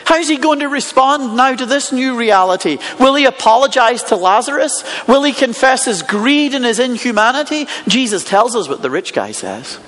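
A man's voice: extremely high pitch, big pitch swings, normal speed, hardly any pauses, fairly bright tone. A man preaching a sermon, telling a Bible story with rhetorical questions. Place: church hall with congregation and online viewers. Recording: long hall reverb.

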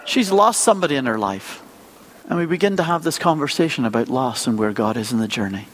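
A man preaching a sermon as a pastor, telling stories in a lively, conversational way and acting out small scenes. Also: mid-range voice, fast, long reverb tail, slight background noise. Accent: non-local accent.

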